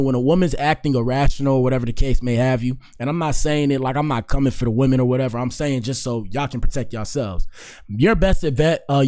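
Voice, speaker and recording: A man's voice: mid-range voice, a little mellow. A man hosting a podcast, rambling in casual commentary with lots of "like" and "you know", then lecturing his listeners earnestly. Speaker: podcast host.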